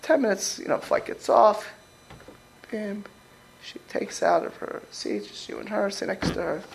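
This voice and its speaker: A man's voice: high-pitched, measured pace, gravelly, slight background noise, low-quality recording. A man teaching a religious class as a rabbi, talking informally, repeating words and acting out quoted speech as he questions his listeners.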